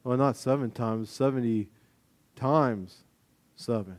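Speaking at a slow pace, a man preaches with energy as a pastor, dropping from forceful declarations to soft, low remarks and mimicking the voices of common people.

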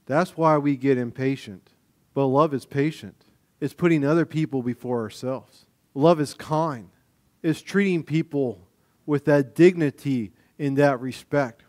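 A man preaching a sermon, animated, swinging between loud emphasis and quiet low asides, acting out the voices of everyday people. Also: unhurried. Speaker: pastor.

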